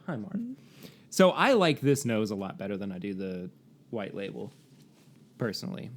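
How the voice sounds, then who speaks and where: Male podcast co-host, casual chat, animated pitch, lots of fillers. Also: normal speed, long pauses. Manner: chatty, reads facts with frequent fillers and laughs.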